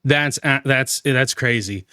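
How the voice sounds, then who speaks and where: A man's voice: mid-range voice, takes it slowly, bright, forceful tone, smooth, dry recording. Sarcastic, exasperated man in a dry room. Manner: sarcastic, exasperated, swears freely. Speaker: commentary host, former Marine. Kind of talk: heated reaction commentary.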